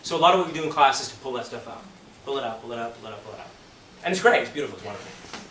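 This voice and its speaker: A man's voice: mid-range voice, very fast. Man teaching an acting class, swearing. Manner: animated storyteller, swears, acts out scenes. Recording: roomy, distant, noisy room recording.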